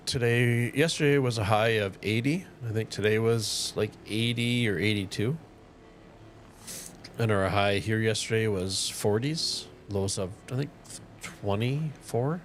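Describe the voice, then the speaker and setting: A man's voice: lowish voice, a little hiss or hum. A man from northern Minnesota with a Minnesotan accent, chatting casually with viewers while live-streaming a game. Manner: relaxed, chatty, talks to viewers while playing. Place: tiny home.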